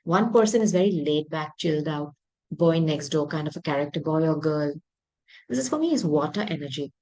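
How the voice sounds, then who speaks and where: Woman, low-pitched, husky, tarot reader, emphatic, intuitive, clears throat. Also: expressive, brisk, a little mellow, low-quality recording. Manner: intuitive, emphatic, repeats words for stress. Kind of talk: tarot reading to viewers.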